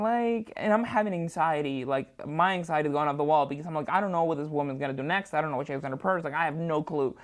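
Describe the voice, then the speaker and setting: A woman's voice: sits low, quick pace. A woman comedian telling a story as a guest, acting out both sides of the conversation with big jumps in her delivery. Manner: jumpy, acts out both sides of dialogue with big swings. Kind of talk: animated anecdote storytelling. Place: studio.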